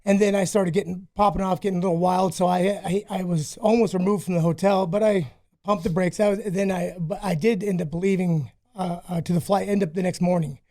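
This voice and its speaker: A man's voice: high-pitched, steady tone, a little fast, mellow. A man telling rambling, profane stories about himself in a casual podcast interview. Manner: profane, rambling, self-mocking. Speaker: guest, former fighter.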